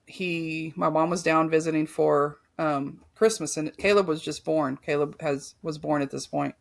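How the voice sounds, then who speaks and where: A woman's voice: low voice, fairly even intonation, normal speed, creaky. A young woman guest on a podcast, telling a personal story in a loose, rambling way full of "like" and "you know".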